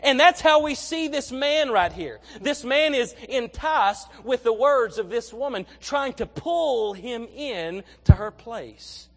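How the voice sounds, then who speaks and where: A young male preacher with a fairly high voice gives a conversational, storytelling sermon, stumbling and repeating words as he goes. His voice rings with the long reverb of a large church hall. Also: expressive, slow, hardly any pauses.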